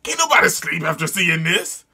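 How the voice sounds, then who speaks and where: A man reading a comic aloud and reacting with excited, disgusted exclamations and yelling. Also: fairly high pitch, normal speed, husky. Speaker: manga reader and reviewer.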